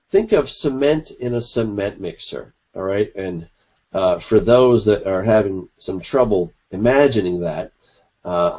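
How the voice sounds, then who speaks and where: Husky man explaining in a debate. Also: on the low side, warm tone. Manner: teacherly, explains grammar with everyday examples. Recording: dull lo-fi recording.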